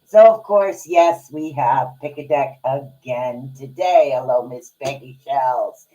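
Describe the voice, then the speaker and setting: A woman hosting a live card-reading stream, chatting casually and excitably in rambling asides. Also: extremely low pitch, takes it slowly, lo-fi sound. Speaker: podcast host and card reader.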